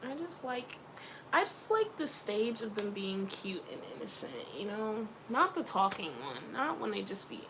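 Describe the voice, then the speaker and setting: A woman vlogger chatting casually to camera, animated and playful, with slangy asides. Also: mid-range voice, moderate pace, background noise.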